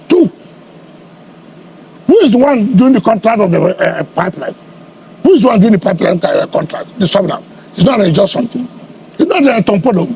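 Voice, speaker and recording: A man's voice: sits high, vocal fry, darkish tone, slightly rough. Combative man firing rhetorical questions. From Nigeria. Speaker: politician being interviewed. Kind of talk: heated media interview.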